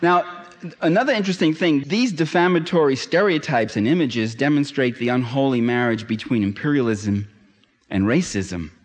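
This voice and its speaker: A man's voice: mid-range voice, moderate pace. Impassioned male lecturer in a reverberant hall. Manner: impassioned, rising to loud emphatic peaks. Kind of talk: public lecture.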